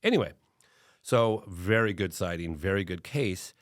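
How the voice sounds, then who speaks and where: A middle-aged man, a documentary filmmaker and podcast guest, telling a long story in lively conversation and slipping into other people's voices when he quotes them. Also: low voice, normal speed, no echo, studio quality. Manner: acts out other people's lines in changed voices.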